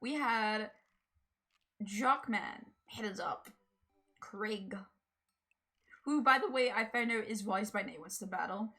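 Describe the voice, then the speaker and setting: A woman's voice: mid-range voice, slow pace, pauses often, bright, forceful tone. A woman streamer chatting casually during a game, chatty and laughing, swearing freely. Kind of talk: casual gaming livestream chat.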